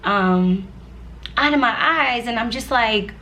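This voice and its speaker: Bright-voiced young woman, chatty testimony. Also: on the high side, expressive, slow, slight background noise. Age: 20s. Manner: chatty and earnest, full of "like" and asides to viewers. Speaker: vlogger sharing her faith testimony. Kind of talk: casual personal testimony.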